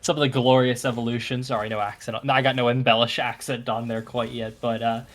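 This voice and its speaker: A man giving relaxed, analytical commentary on a live esports match, thinking aloud with frequent fillers and restarts. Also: medium pitch, a little fast. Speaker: esports caster. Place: broadcast booth.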